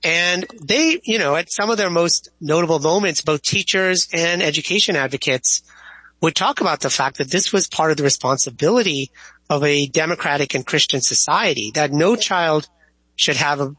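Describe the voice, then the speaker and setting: A man, a history professor, explaining history as an interview guest in a thoughtful, measured way with small restarts. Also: a little high, sharp tone, slightly rough, dry recording, rough recording.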